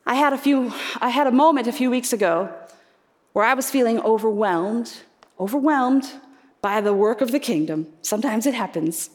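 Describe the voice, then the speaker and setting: A woman preaching a sermon, earnest and reflective, posing rhetorical questions to her congregation. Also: sits high. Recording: reverberant hall.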